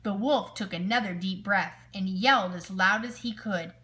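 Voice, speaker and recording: A woman teacher reading a picture book aloud to children, expressive and asking her listeners questions. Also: medium pitch, moderate pace, few pauses, a little hiss or hum.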